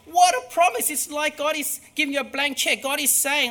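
Man, preacher, sermon, emphatic, high voice, very bright tone. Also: normal speed, hardly any pauses. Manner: emphatic, swinging between hushed and loud.

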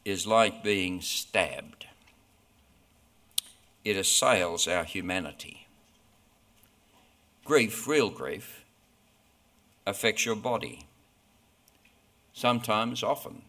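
A man preaching a sermon in a slow, deliberate, earnest way, pausing often between phrases. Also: fairly low pitch, sharp tone. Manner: slow, deliberate, earnest delivery with frequent pauses.

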